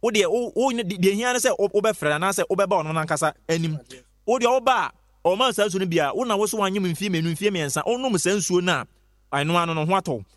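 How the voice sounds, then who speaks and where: A man presenting an advert on radio, fast and insistent, repeating his phrases. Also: sits high. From Ghana. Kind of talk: hyped radio advert pitch.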